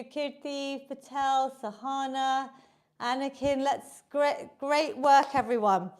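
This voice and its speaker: A woman fitness instructor leading a live online exercise class, cheering people on, cueing each move and counting the reps. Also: high voice.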